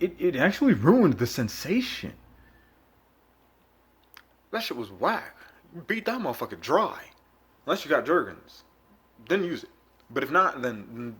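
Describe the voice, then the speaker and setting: A young man rambles through a casual vlog monologue, swearing freely and jumping between loud bursts and low mutters. His pitch swings lively up and down, in a middle register for a man. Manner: profane, rambling, laid-back with sudden loud bursts. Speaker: vlogger.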